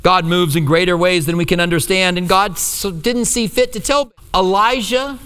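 A man's voice: high-pitched, normal speed, hardly any pauses, fairly bright tone, smooth. A man preaching a sermon as a pastor, telling the story with energy and acting out the quotes. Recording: reverberant hall.

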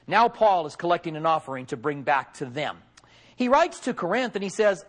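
A middle-aged man preaching in a high voice. He keeps it conversational and folksy, with joking asides to his listeners. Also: sing-song, moderate pace. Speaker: pastor. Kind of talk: conversational sermon.

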